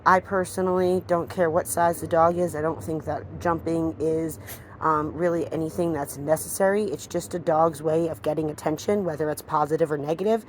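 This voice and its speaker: A woman dog trainer giving a hands-on demonstration, explaining calmly between short firm commands to the dog. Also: low voice, normal speed, slight background noise.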